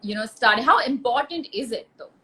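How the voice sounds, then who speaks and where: A woman's voice: a little high, expressive, normal speed, pushed and bright. A woman interviewing a guest over a live video call, working out her questions with many fillers and restarts.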